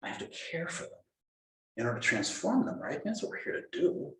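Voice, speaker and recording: A man giving a dharma talk as a Zen teacher, playful and animated, acting out inner voices. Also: a little high, a little fast, gravelly. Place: meditation hall. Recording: roomy hall echo.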